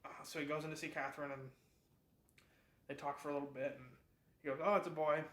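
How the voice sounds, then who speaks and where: A man's voice: a little high, little pitch movement, fast, fairly bright tone. A man hosting a book club, retelling a novel's plot in a casual, chatty way, full of fillers and restarts. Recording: echoey room.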